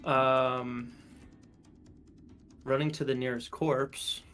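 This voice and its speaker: A man playing a tabletop game, stammering and halting as he describes his turn. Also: mid-range voice, flat delivery, a bit bright, faint music behind. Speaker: player.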